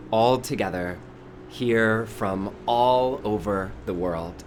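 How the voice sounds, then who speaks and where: A man's voice: fairly low pitch, takes it slowly. A man from the Bay Area hosting a live online spiritual session outdoors, greeting viewers effusively by name. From California Bay Area. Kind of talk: live-streamed welcome and teaching. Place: outdoors in front of a high-up window. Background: faint outdoor noise.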